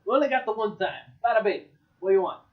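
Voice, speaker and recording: A man doing a loud tavern barkeep with a thick put-on New Jersey accent, pitched up and brash. The audio is dull and lo-fi. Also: quick pace, natural voice. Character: gruff male tavern barkeep.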